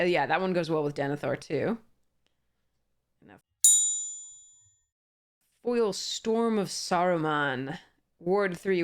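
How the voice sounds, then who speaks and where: Chatty young woman with a lowish voice, casual card-opening commentary. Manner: chatty, reads card text aloud, frequent fillers and laughs. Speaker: card game YouTuber.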